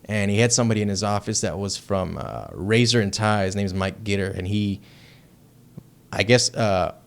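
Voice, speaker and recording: A man from Texas, a heavy metal band member, telling a story as a podcast guest in a loose, profane and excitable way. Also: on the low side, normal speed, gravelly, clean tone. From Texas, United States. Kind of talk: casual storytelling chat.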